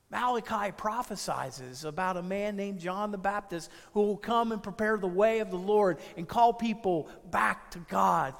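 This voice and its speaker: A male pastor with a high voice delivers a sermon in a church sanctuary. He speaks in measured phrases and lets words stretch out, and a long reverb trails each line. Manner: measured preaching with drawn-out phrases.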